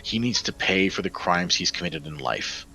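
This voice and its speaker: A man's voice: sits low, moderate pace, pushed and bright, poor audio. A man voicing a scarred, angry male mob ringleader, snarling and bitter.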